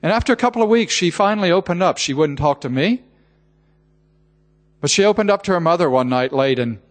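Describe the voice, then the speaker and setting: A man's voice: high-pitched, expressive, a little fast. An older man preaching a sermon, telling a heartfelt family story with emotion and repeated words. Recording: reverberant hall.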